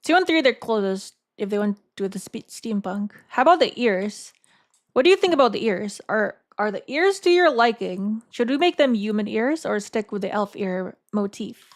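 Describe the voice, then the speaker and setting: An expressive woman with a mid-range voice streams live, speaking casually to her chat as she thinks aloud, hesitating and repeating words along the way.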